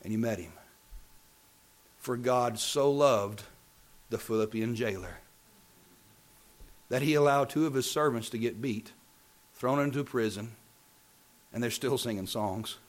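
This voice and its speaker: A man's voice: medium pitch, normal speed, pauses often. Impassioned man preaching a sermon. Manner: builds from calm talk to loud impassioned preaching; repeats phrases with emphasis.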